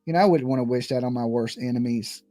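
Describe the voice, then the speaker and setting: A man's voice: mid-range voice, quick pace, warm tone, no room sound, faint music behind. A man hosting a casual commentary show, rambling and laughing as he tells stories. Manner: rambling, laughs often, storytelling. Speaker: host.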